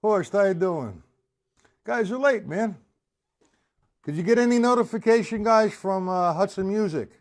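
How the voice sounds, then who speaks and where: Drum teacher counting beats, higher-pitched man. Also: lively intonation, moderate pace, long pauses. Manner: casual, counting beats aloud. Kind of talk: live-streamed drum lesson.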